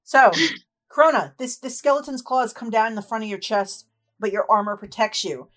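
A woman narrates a tabletop fantasy game as its game master, describing every charge and claw. Her delivery is lively and descriptive, with quick laughs between rolls. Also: on the high side.

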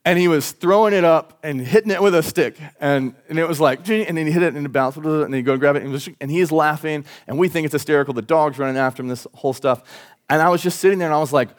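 Male pastor, conversational sermon delivery, earnest, animated when telling stories. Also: on the high side, fast talker. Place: church service.

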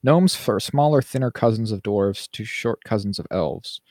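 A low-voiced man co-hosting a casual podcast, talking in an animated rant and slipping into mocking impressions of people he quotes. The sound is dry and close to the mic, with no room around it. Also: moderate pace, dry recording. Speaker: podcast co-host. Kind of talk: casual chat.

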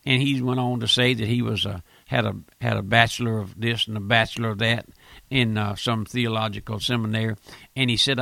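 Gravelly preacher man. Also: lowish voice, steady tone, brisk, pushed and bright, dry recording. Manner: fervent, repeats phrases, stumbling restarts. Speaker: radio preacher. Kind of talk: radio sermon.

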